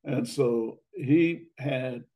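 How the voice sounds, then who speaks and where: Slow, halting older man, hoarse. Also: mid-range voice, dark tone, low-quality recording. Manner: hesitant, halting with many fillers and restarts. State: losing his voice, clearing throat. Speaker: interviewee, academy alumnus. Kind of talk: reminiscing conversation.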